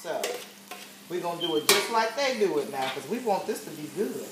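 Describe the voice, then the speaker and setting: In a roomy kitchen where a pan sizzles faintly, a woman cooks for her viewers and chats briskly, often checking in with "okay?" and "you guys." Her fairly low voice swings widely in pitch, and heavy background noise fills the clip.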